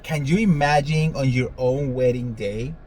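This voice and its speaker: A man's voice: medium pitch, moderate pace, a little mellow, poor audio. A man hosting a celebrity gossip show, talking casually in a sassy, dramatic way and swearing freely. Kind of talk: casual commentary monologue.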